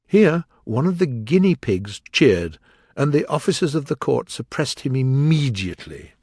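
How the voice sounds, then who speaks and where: Gravelly, lively audiobook narrator. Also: male voice, mid-range voice, moderate pace, no echo, studio quality. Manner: lively, expressive reading. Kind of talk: storybook narration.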